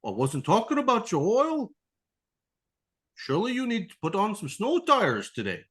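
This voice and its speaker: A man doing a chummy, high folksy service-desk guy. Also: wildly swooping pitch, moderate pace, fairly bright tone, husky, exaggerated voice. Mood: upbeat. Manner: friendly, keeps calling him buddy.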